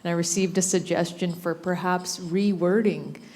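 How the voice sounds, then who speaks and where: A woman's voice: on the low side, fairly even intonation, moderate pace, a little mellow. Polite woman asking from the audience. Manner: polite, curious. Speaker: audience member. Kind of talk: asking a question.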